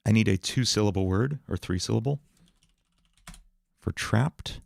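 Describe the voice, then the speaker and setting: A man's voice: on the low side, unhurried, gravelly, a little mellow, no echo, studio quality. A man hosting a casual livestream, thinking aloud as he tries out words for a song. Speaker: livestream host writing songs.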